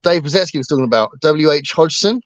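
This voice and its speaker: A man's voice: a little high, lively intonation, fast, no echo, lo-fi sound. A man co-hosting a casual book livestream, talking hesitantly with lots of ums and restarts. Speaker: book channel co-host.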